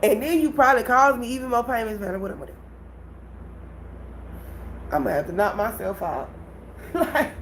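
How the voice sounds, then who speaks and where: A woman hosting a casual livestream, telling a story to her viewers in an animated way and laughing often. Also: a little high, brisk, long pauses, slight background noise, poor audio. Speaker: livestream host.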